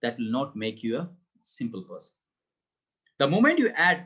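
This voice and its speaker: A man's voice: fairly high pitch, animated, fairly quick, a bit bright, rough recording. A man giving an online motivational talk, conversational, checking in with the audience and laughing now and then. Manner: conversational, frequent "okay?" tags, laughs, addresses audience directly. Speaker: motivational speaker.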